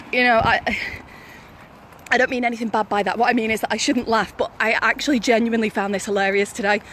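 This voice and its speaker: Young woman vlogger, high voice, chatty, giggly storyteller, faint noise behind. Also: fairly bright tone. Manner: chatty, laughs often while telling stories. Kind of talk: casual live-stream storytelling.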